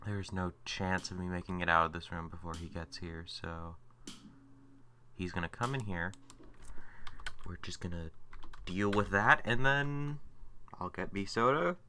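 A man's voice: low-pitched, unhurried, long pauses, sharp tone, slight background noise. A man giving let's play commentary, exasperated and swearing as he talks to himself. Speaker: gameplay commentator. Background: game music.

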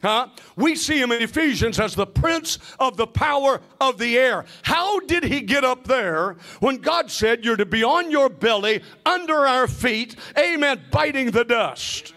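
A pastor with a very high, animated voice preaches at a measured pace with hardly any pauses. He calls out questions, waits for the congregation to respond, and frequently climbs into shouts and sing-song phrases.

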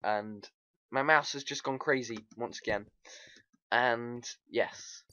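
A man giving rambling, excitable commentary over his game, chatting to viewers and laughing often. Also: medium pitch, slow pace, muffled recording. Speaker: gaming video host.

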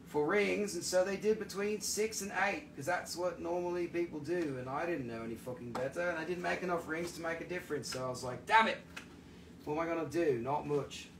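A man's voice: a little high, a little hiss or hum. A man chatting casually on a home livestream while selling gems, rambling, swearing and laughing easily. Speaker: livestream gem seller. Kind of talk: casual live-selling chat.

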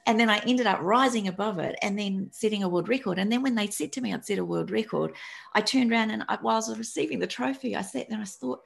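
A woman's voice: medium pitch, fast talker, vocal fry. A woman, a podcast guest and self-care mentor, telling stories energetically and laughing as she talks. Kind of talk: animated storytelling in conversation.

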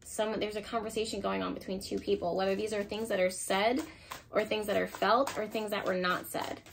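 A woman giving a tarot reading, speaking in an intuitive, emotional way. She thinks aloud as she turns the cards, and her voice sits at an ordinary middle pitch. Now and then she breaks into quick bursts of excitement. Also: vocal fry, slight background noise. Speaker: tarot card reader. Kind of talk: intuitive pick-a-card reading.

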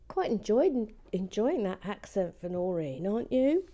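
A woman giving relaxed commentary while building a set, chatty and often slipping into a soft whisper. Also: on the low side, normal speed, few pauses.

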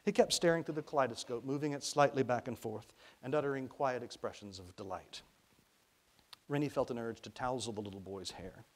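A man from Arkansas reads his own children's novel aloud. His narration is lively and expressive and leans into the comic action. He sounds like an author at a public reading. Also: mid-range voice, brisk.

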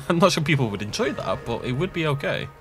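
Man, let's play host, rambling gaming chat, very lively pitch, frequent laughs. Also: normal speed, soft background music. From half Irish. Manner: rambling, chatty, laughs often. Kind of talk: casual gaming commentary.

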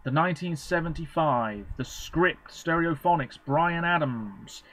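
A man's voice: fairly high pitch, animated, measured pace, fairly bright tone, low-quality recording. A man vlogging, casually reading from web pages with rambling, offhand commentary and frequent self-corrections.

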